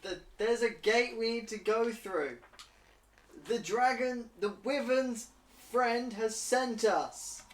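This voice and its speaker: A man's voice: very high-pitched, takes it slowly, fairly bright tone, roomy sound. A man playing a tabletop game, talking bluntly and arguing with the game master. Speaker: player. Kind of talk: casual tabletop role-play.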